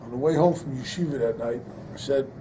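A man's voice: medium pitch, brisk, background noise. An older man, a rabbi giving a Torah lecture, telling a personal story and then preaching with rising emphasis, mixing in Hebrew terms. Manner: sprinkles Hebrew and Yiddish-inflected terms. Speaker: rabbi teaching a class.

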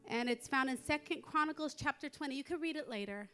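A middle-aged American woman preaching a sermon in a church, telling stories in a lively way and building to emphatic exhortation. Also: high-pitched, fast, music in the background. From United States. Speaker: women's conference speaker. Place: church sanctuary.

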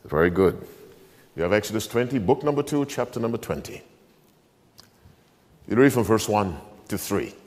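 A man preaching a sermon as pastor, slowing down and stressing key phrases while quizzing his congregation. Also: fairly low pitch, expressive. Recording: long hall reverb.

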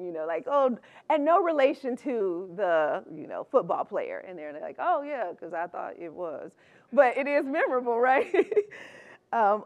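A middle-aged woman giving a chatty, upbeat conference talk, laughing often between her points. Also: medium pitch. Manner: upbeat, conversational. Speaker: conference speaker.

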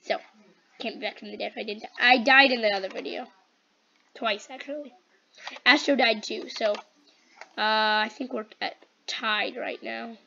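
A female host chats casually through her gameplay, rambling to herself while she crafts. Her voice sits fairly high with a bright, forceful edge. The home recording is dull and muffled, with a faint hiss and a television somewhere in the house. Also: fairly even intonation, normal speed, vocal fry, pauses often. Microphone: computer microphone. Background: television playing in the house.

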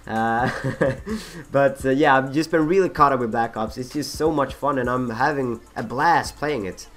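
A young man with a husky voice rambling through casual gameplay commentary, full of fillers, restarts and self-mocking asides. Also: mid-range voice, normal speed, fairly bright tone, faint music behind. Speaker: gaming channel host.

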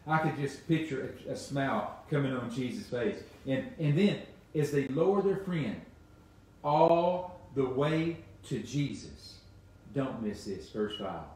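A man pastor preaching a sermon with emphasis, repeating phrases and swinging from loud to soft. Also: a little high, a little hiss or hum. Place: church sanctuary. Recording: very echoey church hall, voice from a distance.

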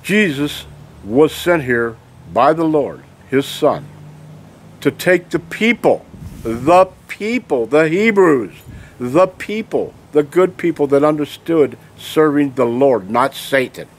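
Ranting angry man, fairly high voice. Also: animated, slow pace, a little hiss or hum. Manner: ranting, emphatic, repeated "okay?" and rhetorical questions. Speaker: video blogger. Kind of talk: angry monologue to camera.

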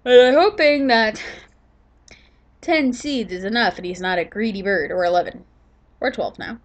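Her voice a little high and her pace moderate, a woman casually voices over her own gameplay for her gaming channel. She's tired, yawning, and rambles, often restarting and leaning on fillers.

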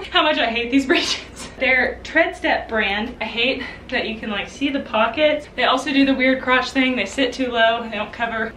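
A chatty, self-deprecating young woman with a bright, high voice, a little out of breath as she talks. She laughs often and sounds relaxed and casual. The camera mic sits some way off in an echoey room with faint noise. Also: distant mic. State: slightly out of breath from changing clothes. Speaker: equestrian vlogger. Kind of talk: casual vlog chat.

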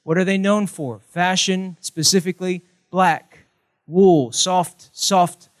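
A man preaching, his voice sitting a little high for a man. He drives points home through punchy repeated lines and slips in jokes along the way. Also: steady tone, slow. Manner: emphatic, punchy repetition with jokes. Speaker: pastor. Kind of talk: sermon.

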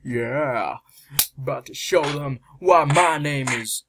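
A man giving gameplay commentary, excitable, shouting and squealing in reaction to the game. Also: mid-range voice, slow pace, noisy background. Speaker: let's play gamer. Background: game music.

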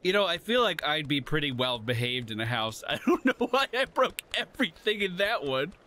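A man's voice: a little high, big pitch swings, moderate pace, pushed and bright. A man doing playful let's-play commentary, chatting with game characters and laughing along. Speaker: gaming YouTuber. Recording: faint background game music.

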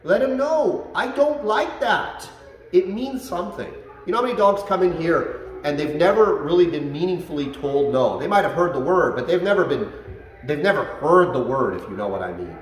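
A man working as a dog trainer explains things to a class in an animated way. He often checks in with "okay?" and "right?". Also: on the high side, a little fast, distant mic. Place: dog training facility, indoors. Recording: roomy echo, set back from the mic.

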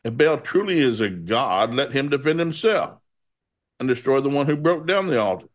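A man's voice: medium pitch, expressive, normal speed. A man preaching through a Bible passage, reading it aloud and breaking off into folksy asides.

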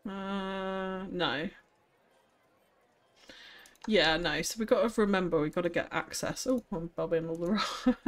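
A woman streaming a city-building game, chatting casually and thinking aloud, with frequent laughs. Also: lowish voice. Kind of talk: casual live-stream commentary while building.

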